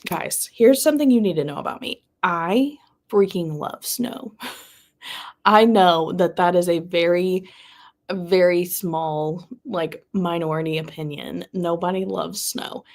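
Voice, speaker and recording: A woman's voice: lowish voice, a little slow, a little mellow. Southern woman, young, bubbly livestream host chatting with her viewers. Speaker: booktuber hosting a live reading sprint. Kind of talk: casual livestream chat.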